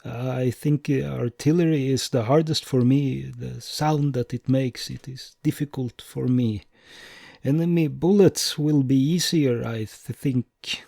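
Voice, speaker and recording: A man's voice: mid-range voice, fairly even intonation, unhurried, vocal fry, warm tone, no echo, clean studio sound. A man voicing a frightened male soldier who stammers and hesitates while admitting his fear, in an audiobook. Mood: nervous. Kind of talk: audiobook dialogue.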